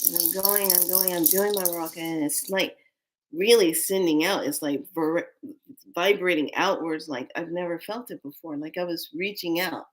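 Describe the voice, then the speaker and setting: A woman shares a heartfelt personal spiritual story, earnest and speaking straight to her listeners. Her voice sits slightly low, and she often draws listeners in with direct asides. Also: fairly even intonation, moderate pace, a little hiss or hum, low-quality recording.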